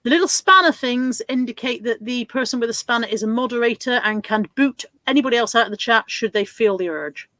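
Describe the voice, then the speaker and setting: A woman's voice: on the high side, brisk, hardly any pauses, sharp tone, dry recording. A woman chatting casually as co-host of a live stream, wry and self-mocking.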